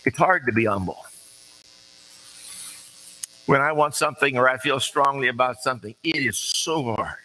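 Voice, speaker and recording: Bright-voiced man preaching a folksy sermon. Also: medium pitch, moderate pace, long pauses, poor audio. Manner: earnest, conversational, with folksy asides.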